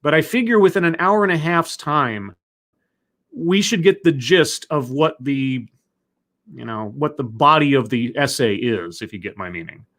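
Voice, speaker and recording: A man's voice: on the high side, expressive, moderate pace, a bit bright. A man hosting a casual livestream commentary, rambling along and greeting his chat members one by one. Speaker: livestream host.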